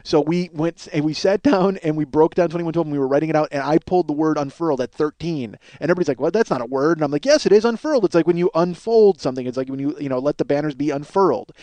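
A man's voice: fairly high pitch, fast talker, hardly any pauses, mellow, no echo. A middle-aged man telling a rambling, self-mocking comic story as a podcast host. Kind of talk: casual comedic monologue.

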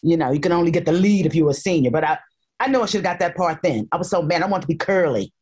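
Animated older woman telling stories. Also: on the low side, rapid-fire, husky. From North Carolina, raised in Harlem. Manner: animated storyteller, playful and expressive. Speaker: guest. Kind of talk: casual chat.

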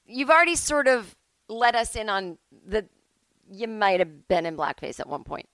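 A woman's voice: mid-range voice, sing-song, normal speed, a bit bright, dry recording, low-quality recording. Woman rambling through a solo podcast at home, chatty, keeps cutting herself off, dry close sound. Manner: rambling, chatty, self-interrupting. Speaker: podcast host. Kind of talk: casual solo podcast monologue.

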